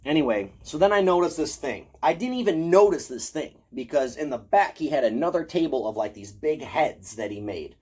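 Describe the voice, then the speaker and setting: This man's voice is a little high and slightly rough, coming at normal speed with hardly a pause. He's a horror convention vlogger walking through his haul in a loose, cuss-heavy story. He gets animated and performs his own quotes.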